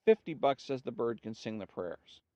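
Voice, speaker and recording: An exasperated Jewish man, as a storyteller puts him on, pleads and fumes over his silent parrot. His voice sits at a middling pitch. It comes through a dull, dry, lo-fi recording. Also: animated, normal speed, mellow, no echo, close to an everyday voice. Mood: confident. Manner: pleading and fuming.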